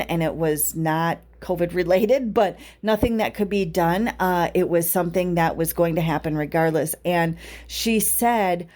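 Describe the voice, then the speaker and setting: A woman's voice: on the low side, a little mellow. A woman hosting a spiritual podcast, telling a personal story in a chatty way and often adding tag questions. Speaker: podcast host. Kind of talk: casual spiritual podcast monologue.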